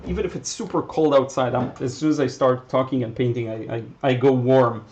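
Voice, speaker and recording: A man with an Israeli accent chats easily while he paints and answers viewers' questions on a livestream, musing aloud with plenty of fillers. His voice sits at an ordinary middle pitch, and the audio sounds a little dull and muffled. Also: a little fast. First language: Hebrew. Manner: relaxed, thinking aloud, with fillers and restarts. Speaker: watercolor instructor. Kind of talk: casual livestream teaching and chat Q&A.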